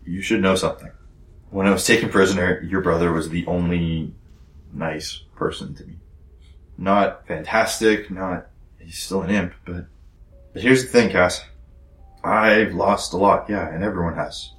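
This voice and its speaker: In a tabletop role-play, a man with a low voice plays a young rebel fighter who is tender and weighed down by guilt. He talks a little slowly, hesitant and soft, often fading toward a whisper, and the roomy space gives the recording a noticeable echo.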